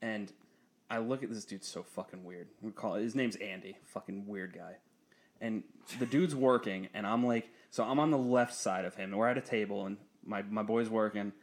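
At a moderate pace and with a lowish voice, this young man spins a profane story in easygoing conversation. Frequent laughter punctuates it, and he becomes animated, his voice leaping higher, when he imitates what others said.

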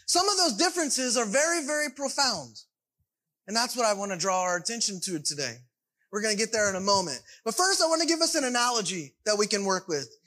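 A man with a high, bright voice delivers a sermon in an easy, conversational way. He keeps checking in with the congregation as he goes. His tone stays relaxed and folksy. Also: fairly quick, rough recording. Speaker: pastor.

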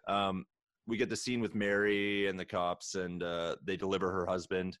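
Man, low voice, dry close mic, casual film-recap podcast host. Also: level tone, moderate pace, a bit bright, clean tone, dry recording. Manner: retells scenes, acting out lines with laughs. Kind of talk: casual movie recap chat.

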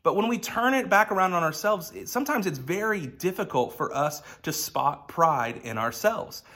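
A man preaching a relaxed, chatty sermon with a bright, forceful voice pitched a little high. He moves easily into personal stories. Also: moderate pace. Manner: casual storytelling with personal anecdotes. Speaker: pastor. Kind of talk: conversational sermon.

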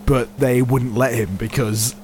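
A man's voice: medium pitch, a little slow, slight background noise. A man co-hosting a comedy podcast, reading from a book and chatting, often breaking into giggles. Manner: giggly, excitable reader. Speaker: podcast co-host. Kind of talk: casual comedic chat.

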